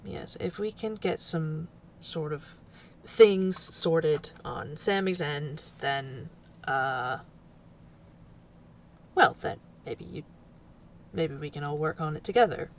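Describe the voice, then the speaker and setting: A woman co-running a tabletop role-playing game, narrating in a halting way with many pauses. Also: low voice, slight background noise. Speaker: co-game master.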